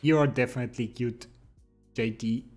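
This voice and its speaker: A man's voice: medium pitch, steady tone, moderate pace, darkish tone, soft background music. A young adult man livestreaming, chatting casually with his viewers, reading their messages aloud and teasing them playfully.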